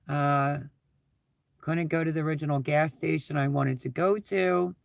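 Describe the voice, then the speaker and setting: Guy chatting on his live stream from his suv, super gravelly fry voice, kinda high for a guy, rambly and chatty. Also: no room sound, studio quality. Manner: rambling, chatty, repeats thanks. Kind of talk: casual live-stream chat, reading viewer comments.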